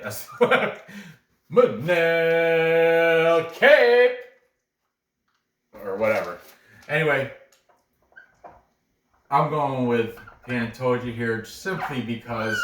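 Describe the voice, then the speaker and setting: Guy talking fight picks real slow, rambles and restarts a lot, echoey room. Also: mid-range voice. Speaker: MMA betting picks host. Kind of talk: casual chat. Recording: roomy echo.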